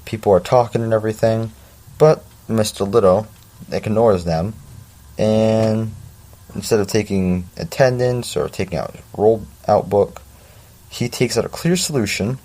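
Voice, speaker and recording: A man's voice: lowish voice, mellow. A man reading a story aloud in a casual way, breaking off for chatty, self-mocking asides. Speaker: story reader.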